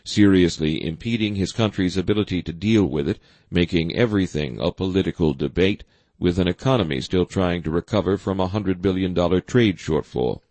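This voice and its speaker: A man narrating a political thriller audiobook in a steady, even reading. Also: low-pitched, fairly quick, dry recording. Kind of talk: scripted narration.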